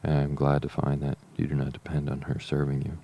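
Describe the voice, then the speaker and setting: A man reading the part of a dry, teasing middle-aged country gentleman in an audiobook, with an ironic delivery. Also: very deep voice, monotone, quick pace, breathy edge, heavily acted.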